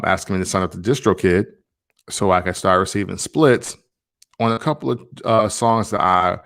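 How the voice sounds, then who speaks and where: A man's voice: fairly low pitch, a bit bright. A man in his thirties, a songwriter and podcaster, talking through his thoughts in a loose, rambling monologue full of slang asides. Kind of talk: reflective casual monologue.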